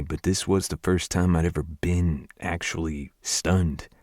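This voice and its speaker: Deep-voiced man narrating a romance audiobook. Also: normal speed, darkish tone, dry recording, clean studio sound. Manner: wry, confiding inner monologue.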